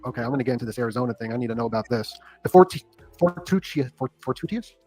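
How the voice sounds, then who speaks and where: A man co-hosting a casual livestream, excitable and stumbling as he reads text aloud. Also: mid-range voice, racing, faint music behind. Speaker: podcast co-host. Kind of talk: casual conspiracy talk livestream.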